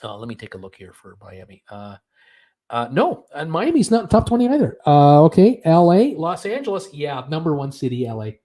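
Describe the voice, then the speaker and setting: A man's voice: fairly high pitch, sing-song, moderate pace, warm tone. Chatty man hosting a trivia livestream. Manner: chatty, many "uh" fillers, chuckles at his own jokes. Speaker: host of a live cruise news and trivia stream. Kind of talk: casual live-stream chat reading viewer comments.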